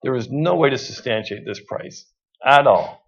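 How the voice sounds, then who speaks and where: A man's voice: medium pitch, normal speed, vocal fry, a bit bright. A man on a conference panel, telling a business anecdote with many restarts and repeated words. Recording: muffled lo-fi sound.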